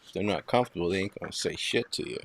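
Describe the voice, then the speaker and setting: A man's voice: low voice, racing, a bit bright. Male host, Boston accent, profane and rambling, casual talk-show chat.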